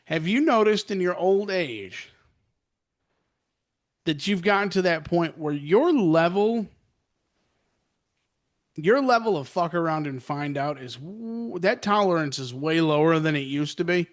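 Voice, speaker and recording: A man's voice: a little high, expressive, measured pace, pauses often. A middle-aged man co-hosting a podcast, complaining sarcastically with lots of profanity. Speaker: podcast co-host. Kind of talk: casual chat.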